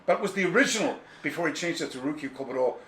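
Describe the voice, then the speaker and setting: This karate author, interviewed in an echoey room at home with faint ambience, talks rapid-fire in a higher-pitched voice. His long, casual story is lively and full of digressions and impressions of people, with a little hiss or hum audible.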